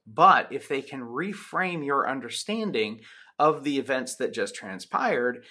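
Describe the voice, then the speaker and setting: Man, sociology lecturer, bright voice, chatty, lots of ums and restarts. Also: on the high side, sing-song, unhurried. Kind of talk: recorded lecture with personal anecdote.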